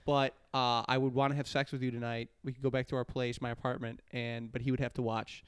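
A man's voice: mid-range voice, level tone, fast talker, clear, resonant tone. A young man co-hosting a podcast, chatting casually, telling stories and laughing often. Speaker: podcast co-host. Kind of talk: casual comedic chat.

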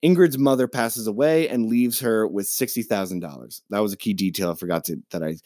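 A man co-hosting a podcast, ranting in a casual, profane and animated way as he retells a movie plot. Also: on the low side, a little fast, dry recording, clean studio sound. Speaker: podcast co-host. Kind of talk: casual chat.

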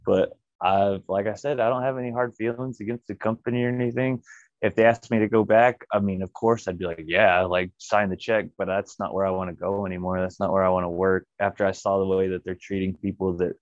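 A young man with a low voice tells a personal story in a loose, casual way, jumping into the voices of the people he quotes. The sound is dry and close, with a slightly dull, lo-fi tone. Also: fairly quick, dry recording. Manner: animated, acts out quoted voices, laughs often. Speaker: pro wrestler telling his story.

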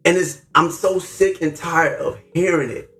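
High-pitched guy preaching hard on his podcast, slangy, upset and near tears, echoey room with faint music. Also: steady tone, unhurried, fairly bright tone. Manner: fervent, preachy, slangy, rising to exclamations. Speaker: podcast host. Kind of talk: impassioned faith talk.

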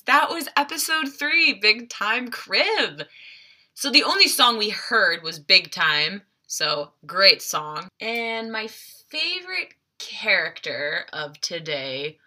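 A young woman casually recapping a TV episode, chatty and animated, sometimes jumping into quick quoted voices. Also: mid-range voice.

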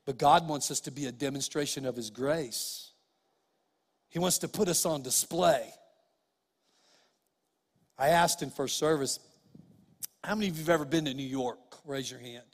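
A middle-aged man preaching a sermon, telling humorous stories and often dropping to soft, quiet tones. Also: mid-range voice, normal speed, long pauses. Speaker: pastor. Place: church sanctuary. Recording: long church hall reverb.

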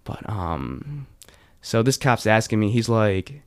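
This late-teen man takes his time, his pitch fairly low as he chats casually. He retells a story in an animated, rambling fashion, with plenty of fillers and restarts.

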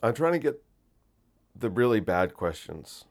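A man's voice: fairly low pitch, big pitch swings, unhurried. A man hosting a podcast, talking casually and incredulously, full of restarts and rhetorical questions. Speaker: podcast host.

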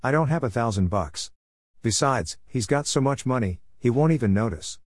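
A man's voice: mid-range voice, lively intonation, moderate pace, no echo, natural voice. A brash, mouthy boy, put on by a man reading a story brushes off every scolding in a blunt, dismissive way. The voice is pushed up from the reader's own and recorded close and dry. He sounds careless about what he did.

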